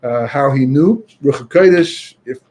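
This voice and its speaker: A man giving a Torah talk as a chatty storyteller, full of "you know" and restarts, sprinkling in Yiddish and Hebrew terms and turning loud and emphatic when he argues a point. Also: mid-range voice, unhurried. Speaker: Torah speaker.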